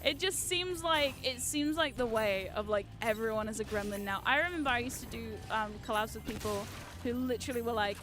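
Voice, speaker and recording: A woman streaming a game, chatting excitedly with her viewers, swearing freely and shouting at the game. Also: on the high side, a little fast, music in the background. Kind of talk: live-stream gameplay chat.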